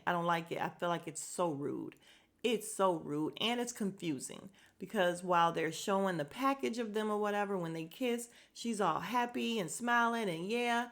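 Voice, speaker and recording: A woman hosting a podcast, recapping a reality show in a blunt, animated, casual way with laughing asides. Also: on the low side. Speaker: podcast host.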